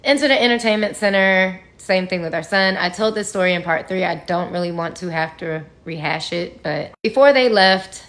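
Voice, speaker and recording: A woman's voice: fairly low pitch, normal speed, few pauses, a bit bright. A woman telling her own story to viewers in a candid, frank way, sometimes swearing, with conversational fillers. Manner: frank and profane, talks straight to viewers.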